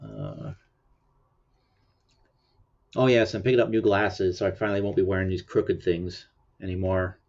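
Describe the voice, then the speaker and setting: A man hosts a relaxed livestream, rambling through casual chat with frequent laughs. He sounds sleepy and keeps yawning, his voice sitting fairly low. The audio is dull and lo-fi. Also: moderate pace, pauses often. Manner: rambling, chatty, laughs often. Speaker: livestream host.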